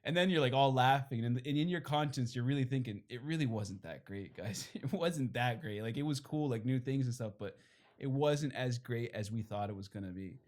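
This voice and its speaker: A young priest shares his personal testimony at a fireside talk, rambling candidly with lots of fillers and short laughs, and he briefly becomes tearful. His voice is mid-range with a darkish tone, and he talks a little fast.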